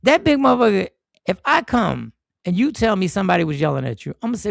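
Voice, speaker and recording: Gravelly high-voiced man ranting. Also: big pitch swings, fast, no echo, clean studio sound. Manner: heated, profane, emphatic. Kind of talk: casual live stream commentary.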